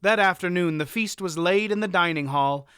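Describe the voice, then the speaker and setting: Guy narrating an audiobook, bright crisp voice, kinda high. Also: moderate pace, no echo, clean studio sound. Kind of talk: scripted narration.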